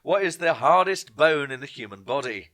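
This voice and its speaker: A man with a bright, forceful voice hosts a casual online quiz. He reads each question slowly and twice, dropping chatty jokes in between. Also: a little high, animated. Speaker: quiz host. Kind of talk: casual live-stream quiz hosting.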